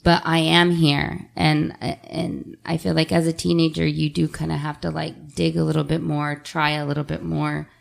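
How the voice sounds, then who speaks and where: A woman in her thirties speaks with a low, gravelly voice. She is a single mother in a relaxed podcast conversation, and she talks openly and emotionally, working her thoughts out as she goes. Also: normal speed, hardly any pauses. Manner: candid, emotional, talks things out. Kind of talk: casual podcast chat.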